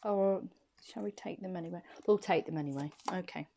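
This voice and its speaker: A woman's voice: lowish voice, a little fast, gravelly, dark tone, a little hiss or hum. A woman giving an intuitive tarot card reading to camera. She talks in a soothing, reassuring way and often repeats her phrases and questions.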